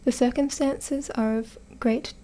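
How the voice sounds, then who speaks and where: An Australian woman whispers the lines of a stern, secretive nobleman in this whispered role-play. The voice stays soft, mellow and rather high. No accent is put on; the lines are read evenly. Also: fairly even intonation, unhurried, natural voice. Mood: grave. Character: stern foreign male nobleman in a mask.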